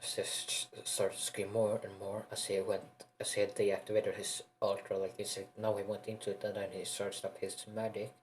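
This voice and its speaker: A man's voice: fairly low pitch, completely flat delivery, slight background noise, rough recording. Rambling man telling a fan story. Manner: rambling, halting, with many restarts. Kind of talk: improvised fan-fiction narration.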